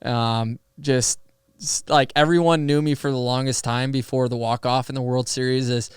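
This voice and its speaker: A young man chats as a podcast guest, telling stories in an animated, loose way with lots of fillers and quick laughs. His voice is smooth and clear at a middle pitch. The close studio mic keeps it dry. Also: dry recording. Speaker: podcast guest, pro athlete. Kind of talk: casual storytelling conversation.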